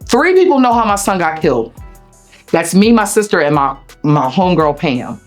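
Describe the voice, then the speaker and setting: A woman with a Delaware accent, an interview guest telling a personal story in a blunt, profane, animated way. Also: lowish voice, normal speed, soft background music. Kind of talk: emotional storytelling.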